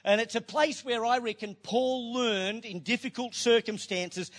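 A man's voice: very high-pitched, unhurried, hardly any pauses. A man preaching a sermon, telling stories with playful, joking asides. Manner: lively storytelling with playful asides.

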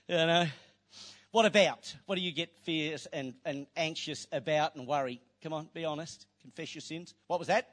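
A man preaching a sermon, telling stories with playful, joking asides. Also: on the high side. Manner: lively storytelling with playful asides.

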